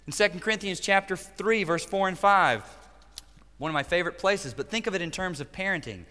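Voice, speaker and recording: A man in his forties preaching a passionate sermon as pastor, swinging from loud, urgent lines to quiet, hushed ones. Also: sits high, brisk. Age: 40s. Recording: church hall reverb.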